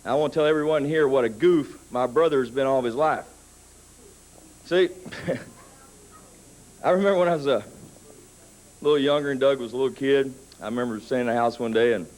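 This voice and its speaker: A man in his thirties telling a story in a wrestling interview, building up to shouted threats. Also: medium pitch, poor audio. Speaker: wrestler cutting a promo.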